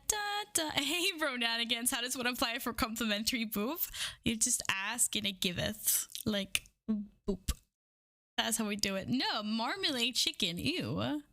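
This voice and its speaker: A playful woman livestreamer in casual chat with her viewers, full of giggles and bubbly energy. Her voice sits a little high and rings very bright and sharp. She talks into a streaming microphone while wearing headphones.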